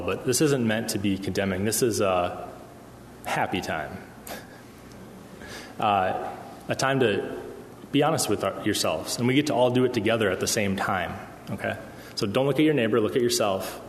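A pastor with a fairly low voice preaches conversationally in a church hall, often pausing to ask the room "okay?" His words ring through an echoey space with long reverb, over a little hiss or hum.

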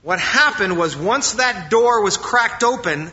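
Male pastor, sermon delivery, bright and forceful, fillers and restarts, dull lo-fi recording. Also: high voice, lively intonation, measured pace, breathy edge. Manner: preaching with fillers and restarts, quoting scripture.

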